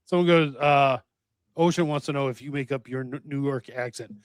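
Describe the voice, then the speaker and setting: A man's voice: mid-range voice, normal speed, smooth, no echo, clean studio sound. A man co-hosting a podcast in casual chat, making wry, joking asides. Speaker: podcast co-host.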